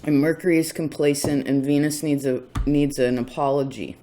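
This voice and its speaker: A man's voice: on the high side, fairly even intonation, normal speed, dark tone, a little hiss or hum. A man giving a casual tarot reading in a rambling, chatty way, often stopping himself mid-thought. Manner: rambling, chatty, self-interrupting. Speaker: tarot reader.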